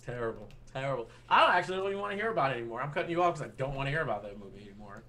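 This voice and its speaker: A man's voice: medium pitch, lively intonation, rapid-fire, pushed and bright. A man co-hosting a casual movie podcast, giving blunt, emphatic opinions and repeating points for effect. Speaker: podcast co-host.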